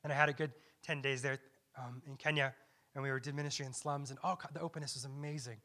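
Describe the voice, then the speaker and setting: A man's voice: medium pitch, fairly even intonation, fast, sharp tone. A young man giving a personal testimony as a missionary, telling his story with quoted self-talk and many restarts. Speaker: missionary speaker.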